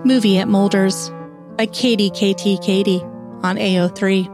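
A woman narrating a fan fiction story aloud in an even storytelling manner. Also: mid-range voice, moderate pace, music in the background.

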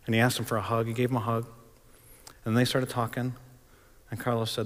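A man preaching a sermon, telling a story dramatically and swinging between loud and hushed delivery. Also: mid-range voice, little pitch movement, a little fast, big-room sound. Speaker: pastor.

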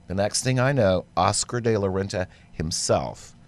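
A man co-hosting a podcast, telling a lively story in casual chat. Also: lowish voice, moderate pace. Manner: animated storyteller, acts out quoted dialogue. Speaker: podcast co-host.

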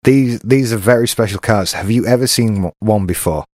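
A man's voice: fairly low pitch, moderate pace, a little mellow, no room sound. An English man co-hosting a podcast, chatting casually with wry, dry asides. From England. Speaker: podcast co-host. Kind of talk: casual chat.

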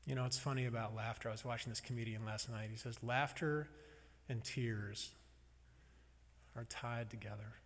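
Guy preaching, chatty and wry, mid-pitched voice, big hall echo behind him. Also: steady tone, normal speed, a bit bright. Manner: conversational, wry and reflective. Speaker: pastor. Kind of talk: sermon. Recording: long reverb of a large hall.

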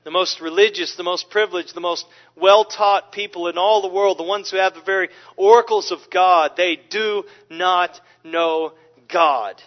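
Animated preacher man, lo-fi sound. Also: high voice, a little fast, few pauses. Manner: animated, emphatic, with frequent restarts. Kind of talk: expository sermon. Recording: dull, lo-fi recording.

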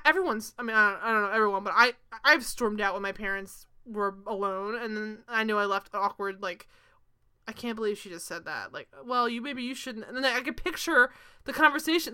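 A woman's voice: on the high side, pushed and bright, clean tone. A young woman co-hosting a chatty TV recap show, gushing and swearing casually with lots of "like". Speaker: podcast co-host.

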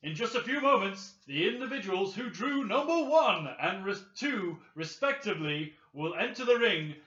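A booming wrestling ring announcer, drawing out each word in a sing-song roll, as a Yorkshire man puts him on. The voice is bright and fairly high. The sound is echoey and dull, like a lo-fi room recording.

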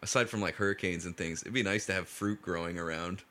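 A man, a comedian guest, telling animated stories in casual chat, laughing often and swearing. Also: low voice, fast talker. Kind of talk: casual storytelling.

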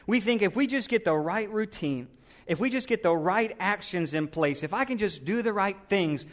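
A male pastor preaching with a high, light voice. His sermon is earnest and builds to emphatic, forceful peaks. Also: expressive, normal speed.

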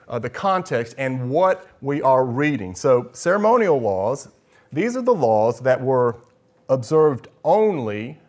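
A man's voice: mid-range voice, darkish tone. A man preaching a teaching sermon as pastor, explaining step by step and posing rhetorical questions, with frequent restarts.

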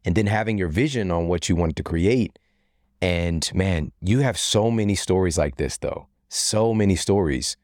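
A man's voice: deep voice, moderate pace, darkish tone, no echo, studio quality. A man hosting a podcast interview, enthusiastic and reflective as he responds to his guest. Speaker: podcast host.

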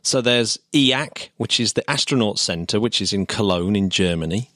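A man's voice: on the low side, normal speed, a bit bright, dry recording, studio quality. Chatty man co-hosting a podcast. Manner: chatty, laughs often, explains eagerly. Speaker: podcast co-host. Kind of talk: casual podcast chat.

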